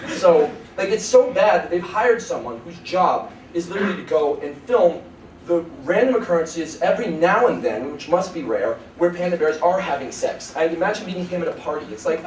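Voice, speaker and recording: A man's voice: fairly high pitch, lively intonation, fairly quick. A young man in his early twenties doing a rambling stand-up set at a college show, laughing at his own jokes. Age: early 20s. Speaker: stand-up comedian. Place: college comedy show before a live audience. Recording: echoey room, far from mic, noisy.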